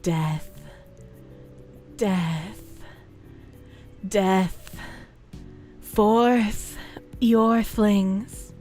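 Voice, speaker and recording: A woman reading out a king's rallying call to his riders in a slow, low, put-on sultry voice. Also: warm tone, soft background music. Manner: slow, low, breathy and drawn out. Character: sultry, commanding king rallying riders to war.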